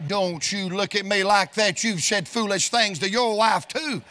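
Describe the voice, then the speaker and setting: A middle-aged preacher man with a high, ringing voice. He tells stories in a folksy, sing-song preaching rhythm and climbs into shouted bursts. His tone is bright and forceful. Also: moderate pace. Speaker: evangelist preacher. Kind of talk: sermon storytelling.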